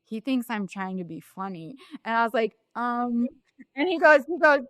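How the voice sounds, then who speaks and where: A woman's voice: a little high, expressive, moderate pace, fairly bright tone, no echo. Young woman, podcast co-host, chatty, filler-heavy storyteller, dry recording. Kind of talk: casual chat.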